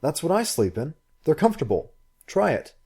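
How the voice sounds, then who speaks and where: A man reading a story aloud and voicing a brisk, forthright young woman who speaks quickly and emphatically. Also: a little high, very animated, warm tone, slightly rough, pitched above the performer's own voice, exaggerated voice. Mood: instructive. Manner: quick, emphatic and sometimes scornful.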